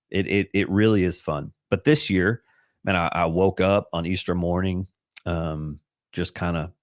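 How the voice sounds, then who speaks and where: Deep-voiced earnest man hosting a livestream. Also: no echo, studio quality. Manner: emotional, earnest, rambling with many restarts. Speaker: livestream host. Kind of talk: casual devotional livestream talk. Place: home livestream. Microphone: computer livestream mic.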